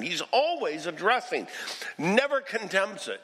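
Animated preacher in an echoing hall. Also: male voice, sits high, moderate pace. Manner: animated preaching, acts out quoted voices. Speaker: pastor. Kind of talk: sermon.

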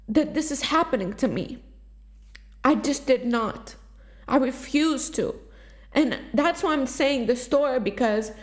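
A woman with a high-pitched voice speaks in a raw, unscripted confessional monologue. She talks emotionally, swearing freely and circling back with fillers and restarts as she goes. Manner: rambling, filler-heavy with frequent restarts. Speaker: vlogger sharing a personal story.

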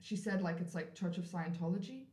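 A woman with a somewhat low voice recounts a personal story as a podcast guest, casual and animated. She acts out the voices of the people in her story and leans on "like" fillers. The room around her sounds echoey. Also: fairly quick. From South Africa.

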